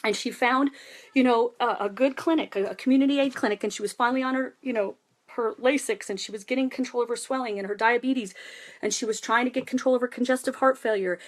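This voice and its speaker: A woman's voice: fairly high pitch, steady tone, quick pace. A woman giving a passionate, rambling political monologue in a vlog. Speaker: vlogger and protester.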